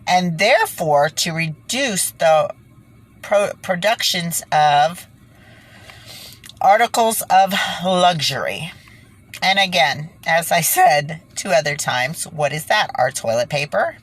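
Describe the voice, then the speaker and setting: A woman ranting in online commentary and reading passages aloud, stumbling and restarting, foggy from being sick. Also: low-pitched.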